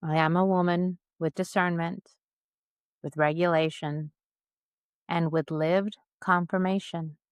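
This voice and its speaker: A middle-aged woman co-hosting a podcast, speaking in a slow, measured, reflective way and leading a spoken closing prayer. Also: fairly low pitch, fairly even intonation, smooth, no room sound. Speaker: podcast co-host.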